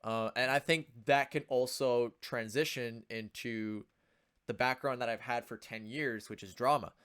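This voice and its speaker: A young man in his twenties with a smooth, resonant voice at a mid pitch co-hosts a laid-back podcast. He speaks in a thoughtful, measured way, pausing on the odd filler as he works through his ideas. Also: steady tone, fairly bright tone. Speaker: podcast co-host. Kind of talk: casual podcast chat.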